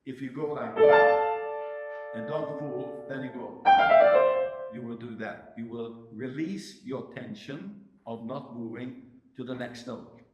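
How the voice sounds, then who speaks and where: A man's voice: medium pitch, slow pace. A man with a Hungarian accent coaching a pianist in a masterclass, emphatic and checking in with "yes?". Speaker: piano teacher giving a masterclass. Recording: roomy hall with piano playing.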